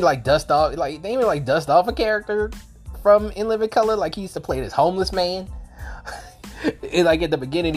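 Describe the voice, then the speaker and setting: A woman's voice: low voice, darkish tone. A woman with a sore throat giving a rambling, casual movie review, swearing freely and restarting her sentences.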